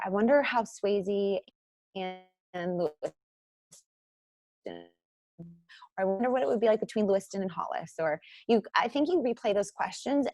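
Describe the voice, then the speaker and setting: A woman in her thirties, a podcast guest and author, telling her story candidly with lots of "um" and "like", getting animated as she acts out what people said. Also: no echo, clean studio sound. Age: 30s. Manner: chatty, frequent fillers like "um" and "like"; animated when acting out quotes, jumps high and loud.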